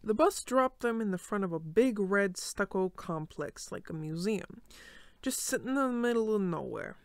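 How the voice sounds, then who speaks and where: A laid-back skeleton reads a bedtime story aloud, voiced by a woman, tripping over words and restarting lines. The sound is dry and close, with no room around it, and the pitch sits in an ordinary middle range. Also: lively intonation, normal speed, no echo, natural voice. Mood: calm. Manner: stumbling, frequent restarts and stutters. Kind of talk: listener role-play bedtime reading.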